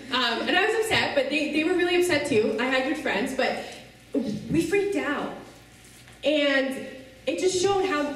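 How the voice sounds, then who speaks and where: A woman with a high voice tells her personal story to a youth audience, earnestly and often checking in with them. She is heard from across a large, very echoey hall, a little distant from the mic, with faint noise behind her. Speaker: speaker addressing a youth audience. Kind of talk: personal testimony talk.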